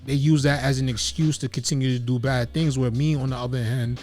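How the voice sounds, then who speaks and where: An earnest man hosts a relaxed interview and reflects at length. He speaks at a middle pitch and often leans on "you know". Faint music plays quietly behind him. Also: fairly quick. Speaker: host. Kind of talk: casual interview chat.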